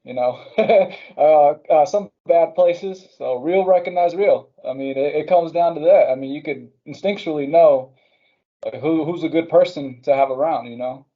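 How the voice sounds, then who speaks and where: A male podcast host trades relaxed, joking banter with his guest. His voice sits a little high for a man. The sound is dull and lo-fi. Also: normal speed. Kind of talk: casual podcast chat.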